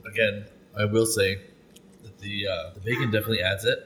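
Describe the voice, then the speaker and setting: A man's voice: on the low side, fairly even intonation, fairly quick, fairly bright tone, soft background music, low-quality recording. A man in casual food-review chat with friends, laid-back and self-deprecating. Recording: faint background noise.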